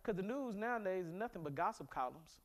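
A man, a pastor from America, preaching a sermon in a church, animated and humorous, with sudden bursts of emphasis. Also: high voice, fast, background noise. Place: church sanctuary.

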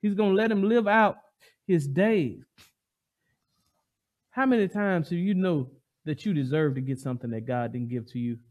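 A man preaching a sermon, emphatic and animated, asking the congregation call-and-response questions. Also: a little high, normal speed, pauses often, lo-fi sound.

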